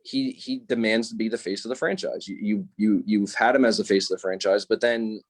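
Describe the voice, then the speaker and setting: Young male podcaster, lowish voice, halting and filler-heavy in a casual sports argument, dry mic. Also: steady tone, no room sound. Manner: hesitant, restarts often, many "like"s. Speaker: podcast co-host.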